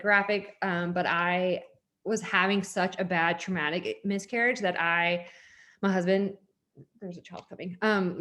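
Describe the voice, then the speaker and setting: A woman's voice: on the low side, fairly bright tone. Woman, thirties, candid and chatty, lots of fillers, laughs when uneasy, speaking at home. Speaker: network marketing leader. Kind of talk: personal story told to an audience. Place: at home with children nearby.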